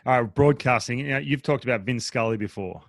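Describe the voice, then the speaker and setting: An Australian man in his thirties hosting a casual podcast interview, talking quickly with many restarts. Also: medium pitch, no room sound. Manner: quick, animated, trips over restarts. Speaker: podcast host.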